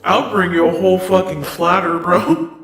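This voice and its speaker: A man with a raised, gravelly voice rambles and swears freely in casual chat. His headset picks up an echoey room around him. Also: high-pitched, moderate pace, a bit bright, soft background music. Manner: loose, profane, rambling. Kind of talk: casual chat while setting up a roleplay.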